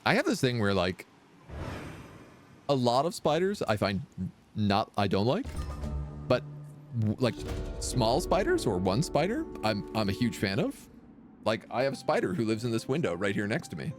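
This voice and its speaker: A man's voice: medium pitch, very animated, normal speed, long pauses, soft background music. A man streaming a strategy game, chatting casually and rambling playfully between moves. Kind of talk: casual gameplay commentary. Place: home room by a window.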